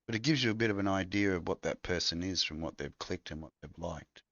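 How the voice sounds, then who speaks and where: Co-host: man, very low voice, rambling and crude, dry lo-fi sound. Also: quick pace, fairly bright tone, no room sound. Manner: rambling, crude, laid-back. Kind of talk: casual chat.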